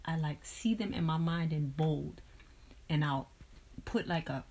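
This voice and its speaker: A woman's voice: low-pitched, unhurried, a little mellow. A woman chatting casually, self-critical and rambling with frequent restarts. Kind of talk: casual chat.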